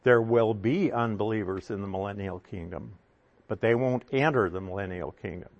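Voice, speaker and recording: A man's voice: lowish voice, moderate pace, creaky, lo-fi sound. A man preaching a sermon, teaching from scripture in a conversational, emphatic way with rhetorical questions.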